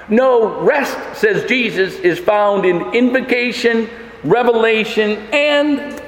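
A man pastor preaching a sermon in a church, emphatic, with many rhetorical questions. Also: high voice. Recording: echoey hall with long reverb.

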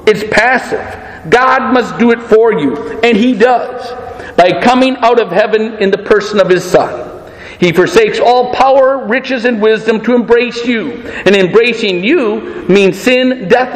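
A male pastor preaching a sermon, dwelling on words with slow, emphatic pauses. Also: high voice. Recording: echoey hall reverb.

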